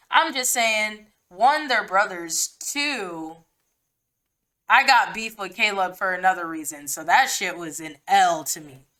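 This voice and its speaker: A woman's voice: fairly high pitch, pushed and bright. Blunt, slangy woman podcast host. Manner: blunt, slangy and profane, with frequent "like" fillers. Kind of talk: casual book reaction talk.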